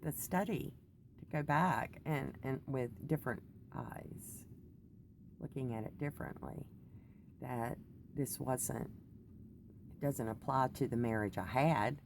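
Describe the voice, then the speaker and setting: A woman's voice: sits low, gravelly. A middle-aged woman chatting in a rambling, digressive way, keyed up on coffee after little sleep. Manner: chatty, digressive, laughs often. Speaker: faith vlogger. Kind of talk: rambling personal talk.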